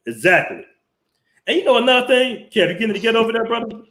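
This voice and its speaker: A man's voice: high voice, animated, racing, fairly bright tone, reverberant. A man, hosting a blunt, profane, chatty live stream on a headset mic. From Southern US. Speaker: host. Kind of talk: casual live-stream storytelling. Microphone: headset mic with headphones.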